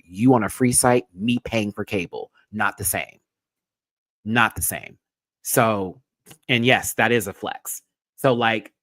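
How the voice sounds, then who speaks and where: Brief male live-stream host, dramatic and profane, dead-dry mic. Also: no room sound. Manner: animated, emphatic, slangy and profane; swings between loud bursts and low muttering. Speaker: show host reviewing a TV episode.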